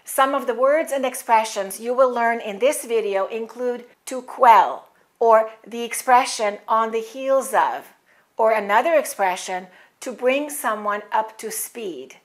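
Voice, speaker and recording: Woman ESL teacher, fairly high-pitched, precise deliberate diction. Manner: clear, deliberate enunciation with model words for repeating. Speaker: English teacher. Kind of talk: scripted pronunciation lesson.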